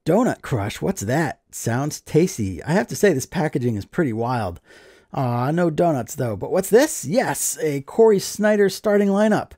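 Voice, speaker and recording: A man's voice: on the high side, very animated, normal speed, dark tone, dry recording, studio quality. A man chatting casually as he opens mail, enthusiastic and joking. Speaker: card collecting vlogger. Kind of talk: casual mail opening chat.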